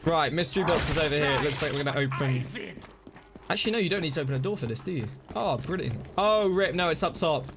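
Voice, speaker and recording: A young man streaming a zombie game, chatting excitedly to his viewers and reacting to what happens. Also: fairly high pitch, fast talker, noisy background. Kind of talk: casual live-stream commentary.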